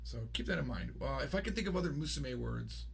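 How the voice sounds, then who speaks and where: A man's voice: medium pitch, lively intonation, fast talker, creaky, slightly rough. A man in his thirties giving a casual, rambling video lesson and correcting himself as he goes. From United States. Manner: chatty, rambling, self-correcting. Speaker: language teacher.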